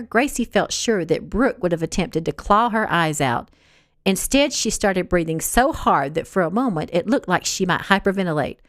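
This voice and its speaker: A woman, the author, reading her novel aloud in an expressive, animated way. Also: mid-range voice, no room sound, clean studio sound. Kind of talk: audiobook narration read aloud.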